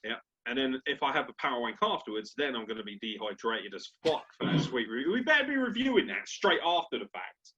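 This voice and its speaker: A man co-hosting a casual sports podcast, swearing freely and bantering in an animated, crude way. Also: medium pitch, fairly quick, few pauses, slightly rough. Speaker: podcast co-host. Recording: dull lo-fi podcast audio.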